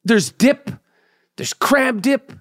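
A man's voice: extremely high pitch, animated, very slow, fairly bright tone, no echo, studio quality. A man hosting a podcast, telling a rambling, profane, comedic story in casual chat. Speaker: podcast host.

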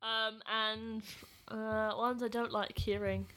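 A woman co-hosting a podcast in casual chat, giggly and playful, and prone to rambling. Her voice is bright and sits a little high. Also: flat delivery, slow. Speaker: podcast co-host.

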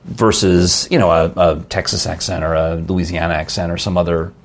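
Husky-voiced man with a New York accent. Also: low voice, flat delivery, normal speed. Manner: rambling storyteller, playful, laughs often. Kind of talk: casual chat.

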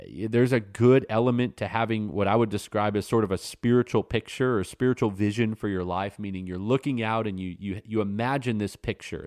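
A man in his thirties preaching an earnest, emphatic sermon, his voice jumping up in pitch when he stresses a point. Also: darkish tone, dry recording, clean studio sound. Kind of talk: sermon-style teaching.

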